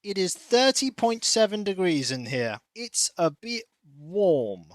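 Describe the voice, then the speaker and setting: Slow, chatty male game streamer. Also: high voice, very animated, no echo. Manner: chatty, rambling, greets chat by name, coos softly to his cat. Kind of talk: casual stream chat. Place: warm room at home.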